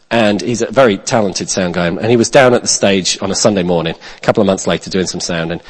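Male pastor, storytelling sermon: animated, loud-to-hushed swings, restarts; big reverberant church hall. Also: deep voice, breathy edge. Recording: long reverb of a large hall.

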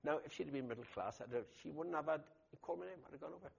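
A man preaching a sermon as pastor, telling stories in an animated way with loud emphatic bursts. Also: fairly high pitch, rapid-fire, gravelly, slightly rough. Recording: dull lo-fi recording.

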